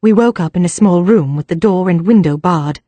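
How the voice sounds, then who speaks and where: A woman's voice: on the low side, brisk, mellow, dry recording, close to an everyday voice. A woman doing a plucky young gent. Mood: earnest. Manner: jaunty, old-fashioned slang. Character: cheerful young English gentleman, plucky.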